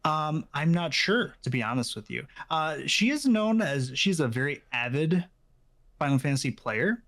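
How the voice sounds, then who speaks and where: A man in casual podcast chat, explaining his views in a measured way with many fillers. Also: on the high side, very animated, a bit bright. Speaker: podcast co-host.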